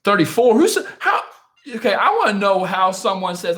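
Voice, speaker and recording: A man with a somewhat high voice chats on a live stream. His pitch swings up and down a lot as he jokes about himself, rambles from one viewer question to the next, and laughs often. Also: big pitch swings, a little fast, a bit bright. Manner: joking, self-mocking, laughs often; rambling, answers chat questions. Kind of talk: casual live-stream chat.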